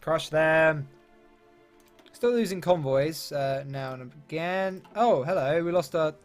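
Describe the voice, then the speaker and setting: Man, let's-play commentator, slightly high voice, faint game music behind, chatty and slangy. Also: slow pace. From London, England. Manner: chatty, upbeat, British slang and mild swearing. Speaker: gaming YouTuber.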